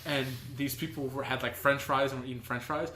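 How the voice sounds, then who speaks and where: A man's voice: medium pitch, fairly even intonation, brisk, sharp tone, roomy sound, slight background noise. A man co-hosting a podcast in casual chat, rambling with restarts and fillers. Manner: rambling, many restarts and fillers, laughs easily. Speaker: podcast co-host.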